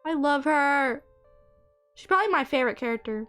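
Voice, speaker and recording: A young woman giving casual, excitable commentary while playing through a story game. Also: high voice, normal speed, faint music behind. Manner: excitable, gushing. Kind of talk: casual let's-play commentary.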